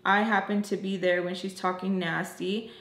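A woman's voice: mid-range voice, level tone, moderate pace, fairly bright tone. A young woman vlogger telling a casual story, frank and profane, with lots of fillers. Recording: roomy echo.

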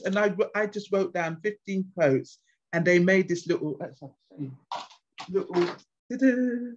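A woman guest speaker at a conference, answering questions with passionate, animated stories. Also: medium pitch, moderate pace, a little hiss or hum. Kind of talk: conference Q&A with anecdotes. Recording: dull lo-fi sound.

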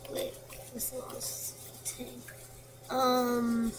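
Very slow and monotone, her voice on the high side, a woman narrates her own quiz game on the computer. She reads questions and answers aloud and murmurs to herself. The casual commentary was recorded at home with plenty of noise.

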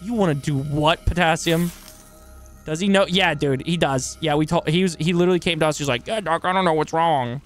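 A male streamer giving excitable, profane live commentary while playing a game and thanking new followers. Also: on the high side, a little fast, soft background music.

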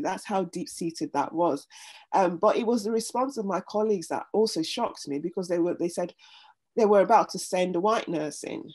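A middle-aged woman speaking earnestly as an interview guest, animated when retelling stories. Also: lowish voice, normal speed, breathy edge. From United Kingdom. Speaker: interview guest, pastor and former nurse. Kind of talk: reflective conversation.

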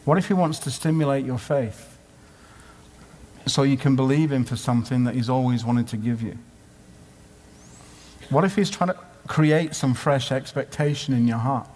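A man's voice: medium pitch, moderate pace, long pauses, a little mellow. A man preaching at a conference in a conversational way, asking many rhetorical questions. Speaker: conference speaker. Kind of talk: sermon. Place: conference hall. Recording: live hall with long reverb.

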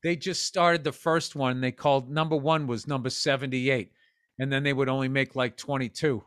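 A man in his fifties co-hosts a podcast, telling profane, rambling stories in casual chat and now and then jumping into voices. His medium-pitched voice has fairly even intonation, normal speed, and a fairly bright, clear, resonant tone. The dry recording is studio quality.

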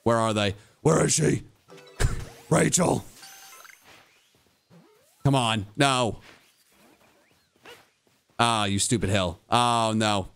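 A man streaming a video game live, muttering to himself and joking with chat, sometimes breaking into high-pitched yelling. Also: slow, vocal fry, pauses often, clean tone, faint music behind. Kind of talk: live gameplay commentary.

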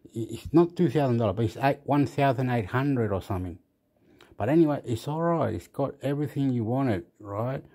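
A man who lives in Australia casually reviewing a phone, rambling and thinking aloud with many pauses. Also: mid-range voice, lively intonation, mellow. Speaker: vlogger.

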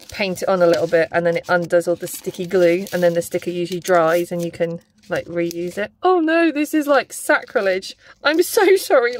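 A young woman chatting casually as she unboxes stationery, gushing and exclaiming often. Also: on the low side.

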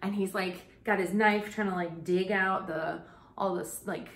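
A young adult woman talks through a casual comedic recap in a chatty, sarcastic way, with the odd swear word. Her voice sits at an ordinary middle pitch. The recording carries a noticeable room echo. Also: fairly even intonation, a little slow, fairly bright tone. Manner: chatty and sarcastic, swearing, with bursts of laughter and mock quotes. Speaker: podcast host recapping a TV show.

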